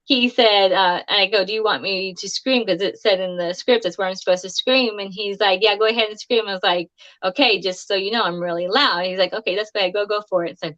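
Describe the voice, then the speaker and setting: Bright-voiced woman telling chatty stories. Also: medium pitch, fairly even intonation, brisk. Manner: chatty anecdotal storytelling, laughs often. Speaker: guest actress. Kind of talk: casual live-stream chat. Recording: dull lo-fi stream audio.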